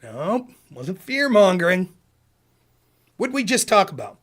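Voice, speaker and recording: A man with a high voice delivers a heated political rant on his stream. He is sarcastic and keeps firing questions at his audience. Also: very animated, slow pace, fairly bright tone. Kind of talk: casual ranting commentary.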